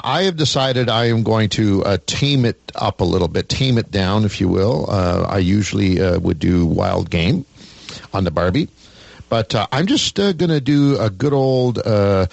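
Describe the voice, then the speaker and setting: A man's voice: on the low side, vocal fry, dry recording. A man hosting a radio show, chatting in a folksy, casual way with many fillers.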